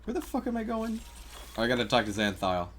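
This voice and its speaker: A man's voice: medium pitch, wildly swooping pitch, quick pace, fairly bright tone, slight background noise. A man streaming a game, casual and joking, with frequent swearing. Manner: swearing, joking, laughs a lot. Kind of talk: casual live-stream commentary.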